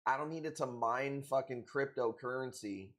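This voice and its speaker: A man running a live stream, talking to his viewers in an easygoing, off-the-cuff way. He jokes and curses freely, and his pitch sits at an ordinary middle height for a man. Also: normal speed, a bit bright. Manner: loose, profane, joking banter with frequent laughs. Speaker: live stream host selling corals.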